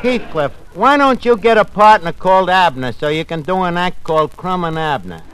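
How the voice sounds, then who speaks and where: A man's voice: high-pitched, lively intonation, normal speed, a bit bright. A man in a brash, wisecracking manner with mangled grammar, in 1940s radio comedy style. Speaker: tavern manager character in radio comedy. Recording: noisy old radio broadcast.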